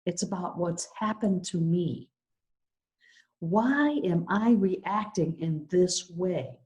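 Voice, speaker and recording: A woman's voice: fairly low pitch, slow, muffled recording. A middle-aged woman minister giving a sermon, telling a personal story and acting out the voices in it. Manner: animated, acts out her own story.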